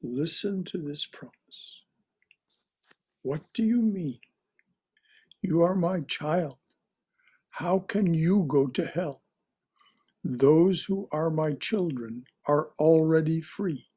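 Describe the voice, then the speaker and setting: A man with a husky, somewhat high voice reads religious stories aloud to a class at a very slow, deliberate pace. He pauses to repeat key passages and to comment on them as their teacher. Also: dark tone. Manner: slow, deliberate reading with repetitions and restarts. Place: online class.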